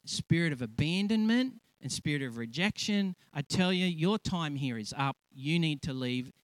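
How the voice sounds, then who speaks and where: A man's voice: medium pitch, dry recording, poor audio. A man telling a church testimony story, acting out quoted speech with feeling. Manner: animated storytelling, acts out quotes loudly. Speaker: church speaker. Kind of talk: testimony sermon.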